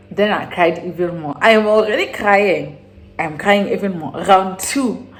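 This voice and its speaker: On her channel, a young South African woman with a South African accent shares a personal story in a casual storytime. She speaks slowly in a fairly low voice for a woman, rambling and restarting before leaping into sudden high exclamations. Her animated retelling plays over soft background music.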